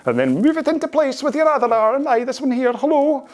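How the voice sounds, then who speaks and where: A man voicing a chummy old Scottish man with a broad Scottish accent, in a high, squeaky put-on voice. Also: very animated, a little fast.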